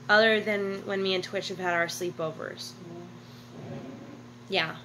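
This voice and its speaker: A woman talks straight into the camera in a hotel room, swearing freely as she recounts a rough stretch of travel. She keeps stopping to correct herself mid-sentence. A faint hum sits under her voice the whole time. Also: mid-range voice, bright, forceful tone, poor audio. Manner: blunt and profane, with self-corrections. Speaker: vlogger. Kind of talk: casual storytelling monologue.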